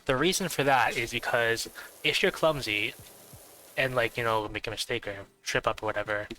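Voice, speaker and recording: Nasal, bright-voiced male streamer. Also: mid-range voice, normal speed, faint music behind, rough recording. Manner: rambling, thinking out loud with many fillers. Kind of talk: casual stream chat.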